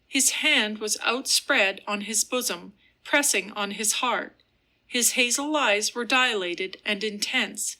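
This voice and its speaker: A woman narrating a gothic novel as an audiobook, in a measured, soft storytelling manner. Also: medium pitch.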